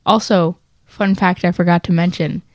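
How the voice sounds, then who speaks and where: A woman co-hosting a podcast in casual chat, a lively storyteller who laughs often and acts out the people she quotes. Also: fairly low pitch, normal speed, no room sound. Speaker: podcast co-host.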